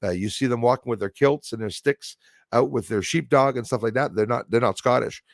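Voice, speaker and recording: A man's voice: mid-range voice, fairly quick, gravelly, dry recording, studio quality. A man from Canada hosting a casual livestream, talking in an emphatic, rambling way with many fillers and restarts. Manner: reads out and thanks viewers in chat. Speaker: livestream host.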